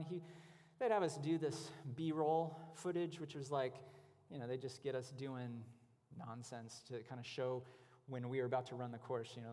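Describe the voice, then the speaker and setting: A man's voice: mid-range voice, a little mellow. A man giving a conversational testimony at a church event, telling stories with many casual fillers. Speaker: guest speaker. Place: church hall. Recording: long hall reverb.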